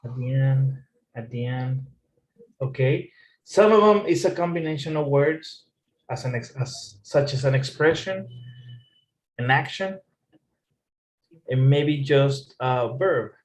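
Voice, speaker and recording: A man's voice: medium pitch, animated, slow, pauses often. A man teaching an English lesson, patiently repeating phrases and explaining rising intonation. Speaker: English tutor.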